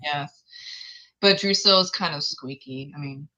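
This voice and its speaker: Bright-toned woman chatting on a livestream. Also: sits low, a little slow, poor audio. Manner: chatty, scattered, laughs often. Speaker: author hosting a book launch livestream. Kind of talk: casual livestream chat.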